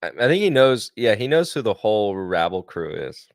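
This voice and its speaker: A man co-hosting an investing livestream, calmly explaining and laughing at the chat. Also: fairly low pitch, normal speed, dry recording, clean studio sound. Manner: amused, laughs often, reads chat aloud.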